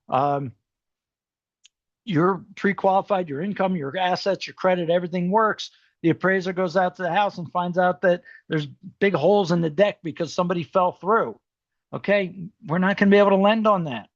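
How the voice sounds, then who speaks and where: A man's voice: high voice, no room sound, lo-fi sound. A man presenting a seminar to an audience, explaining things casually with lots of fillers and frequent "okay?" check-ins, his voice a bit worn. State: voice starting to go. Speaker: mortgage specialist presenting a seminar.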